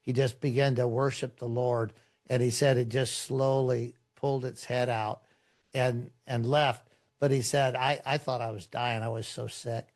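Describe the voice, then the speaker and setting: A middle-aged man, a pastor, telling stories in a relaxed, rambling way, with many fillers and restarts. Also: medium pitch, a little slow. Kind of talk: conversational storytelling in a podcast interview.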